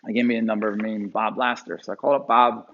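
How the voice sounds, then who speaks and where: A middle-aged man from Philadelphia telling a personal story to a live audience, often repeating words and jumping up in pitch when he quotes people. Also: level tone. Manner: halting, repeats words, acts out quotes with sudden high pitch. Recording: dull lo-fi sound.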